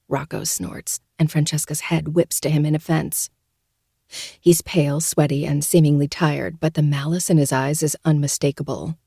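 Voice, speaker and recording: A woman's voice: low voice, little pitch movement, normal speed, gravelly, mellow, husky, no room sound. A woman podcast host narrating a novel in the first person, in a dry, sardonic manner. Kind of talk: audiobook narration.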